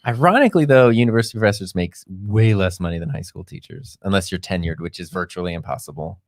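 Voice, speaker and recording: A man's voice: deep voice, quick pace, dry recording, studio quality. A man co-hosting a casual podcast, a teacher who chats loosely and laughs often at his own stories. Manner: laughs often, chatty and self-deprecating. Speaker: podcast co-host. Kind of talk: casual chat.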